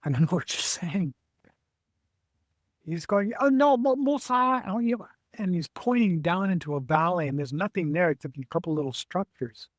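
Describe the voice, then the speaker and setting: A middle-aged man, a guest on an interview show, telling stories in a lively way, acting out other people's voices and often restarting his sentences. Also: fairly high pitch, dry recording. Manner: animated storyteller who acts out quoted voices, halting restarts. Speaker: guest, adventurer and author. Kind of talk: casual storytelling interview.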